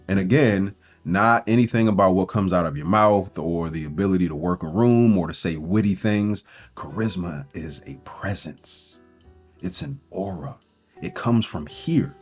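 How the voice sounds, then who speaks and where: A man with a very deep, low voice talks as a breakup coach, earnest and encouraging, and drives his points home with one rhetorical question after another. Soft guitar music plays faintly underneath. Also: husky. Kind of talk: motivational self-help talk.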